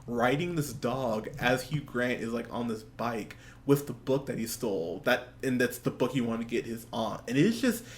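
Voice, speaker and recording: A man's voice: medium pitch, moderate pace, hardly any pauses. Laughing, swearing young man. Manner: animated, swears often, laughs a lot. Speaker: podcast co-host. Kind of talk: casual movie review chat. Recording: faint background noise.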